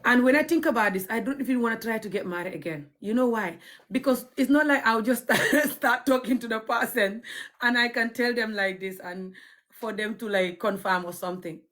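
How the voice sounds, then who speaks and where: A woman's voice: on the high side, moderate pace, a bit bright. A woman from Gambia with a Gambian accent, chatting casually to her viewers, blunt and cheeky and often breaking into laughter. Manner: cheeky, frank and outspoken. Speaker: vlogger. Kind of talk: casual storytelling chat.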